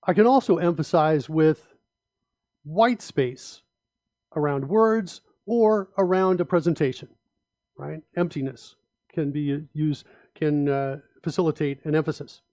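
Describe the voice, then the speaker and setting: A middle-aged man presenting a talk on interface design in a relaxed, conversational way, with frequent fillers. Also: fairly high pitch, unhurried, dry recording. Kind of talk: conference talk with slides.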